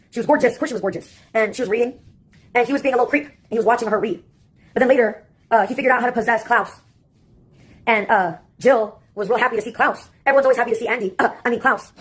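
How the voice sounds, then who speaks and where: A woman with a slightly high, husky voice rambles through a sarcastic comic monologue. She talks quickly and jumps from one topic to the next.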